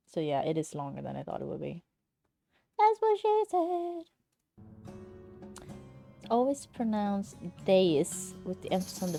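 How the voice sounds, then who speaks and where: A woman's voice: sits low, gravelly. A young woman live-streaming a game, chatting casually and swearing freely as she talks to her viewers. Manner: animated, swears freely, talks straight to chat. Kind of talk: casual gaming stream chat.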